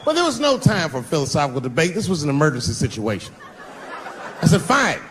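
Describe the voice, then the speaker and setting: A man performing a stand-up comedy set, telling a profane story with animated delivery and sudden jumps in his voice. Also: fairly high pitch, fast talker, slight background noise.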